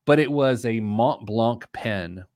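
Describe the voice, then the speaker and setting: A man's voice: medium pitch, takes it slowly, a little mellow, dry recording, studio quality. A middle-aged man hosting a podcast in a casual, playful chat, laughing often. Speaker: podcast host.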